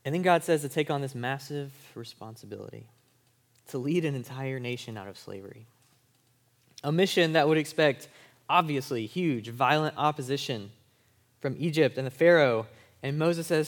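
A man preaching a sermon to college students. His voice sits at an average pitch and his delivery is informal and conversational. He keeps the listeners with him by asking "right?". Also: lively intonation, normal speed. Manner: speaks to college students in everyday language. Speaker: pastor.

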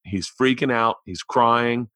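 A man hosting a podcast, telling stories in a rambling, profane way that gets worked up and animated. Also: mid-range voice, slow, smooth, no room sound. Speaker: podcast host. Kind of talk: casual monologue storytelling.

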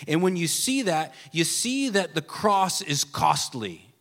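A pastor preaching a sermon with earnest emphasis that drops at times to a hushed, soft delivery. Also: male voice, a little high, very animated, slow. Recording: long reverb of a large hall.

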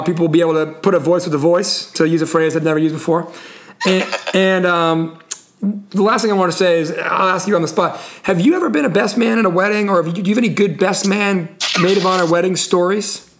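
A man's voice: sits high, steady tone, fast talker, fairly bright tone. A man hosting an interview show, easygoing and joking, with frequent restarts. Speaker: podcast host. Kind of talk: casual interview chat.

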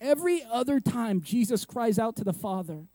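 A man preaching a sermon, repeating words for emphasis and firing off rhetorical questions, going from loud and punchy to hushed. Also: extremely high pitch, animated, moderate pace, no echo. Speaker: pastor.

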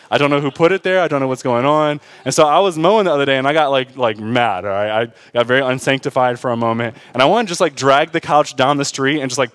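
A man preaching a sermon in a casual, conversational way, growing loud and lively as he gets stirred. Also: smooth, no room sound. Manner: animated, rising loud and high when stirred, laughing at his own stories. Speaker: pastor.

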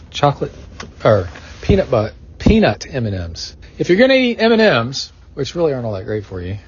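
A man's voice: mid-range voice, dull audio, slight background noise. A middle-aged man hosting a podcast in a casual, rambling chat that wanders off on tangents. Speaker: podcast host.

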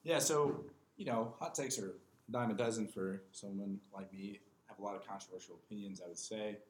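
A man in his twenties, a podcast guest, talking in a measured, earnest way and reading a passage aloud. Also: fairly low pitch, fairly even intonation, a little mellow, slight background noise. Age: 20s. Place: small room with other people. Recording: roomy echo with faint ambience.

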